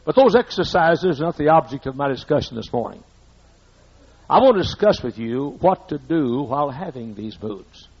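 A man's voice: on the high side, big pitch swings, moderate pace, slightly rough. An older man with a Southern accent preaching a sermon as pastor, folksy and repetitive, hammering his points home. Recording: muffled lo-fi sermon recording.

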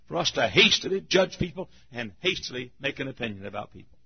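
An older preacher giving a sermon, moving from quiet storytelling to shouted emphasis, with frequent coughs. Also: male voice, fairly high pitch, very animated, brisk, slightly rough. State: coughing often. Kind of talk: fiery sermon. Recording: muffled lo-fi sermon tape.

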